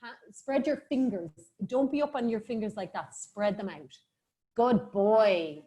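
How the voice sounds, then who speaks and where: A woman's voice: mid-range voice, a little slow, warm tone, breathy edge. A woman teaching a live online yoga class for children, giving playful, encouraging cues and laughing often over a video call.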